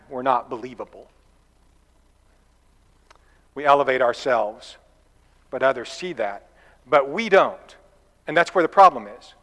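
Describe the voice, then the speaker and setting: A man's voice: on the high side, a bit bright. A man preaching a sermon in a church, talking in a conversational, folksy way with asides and a told fable. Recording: long reverb of a church hall.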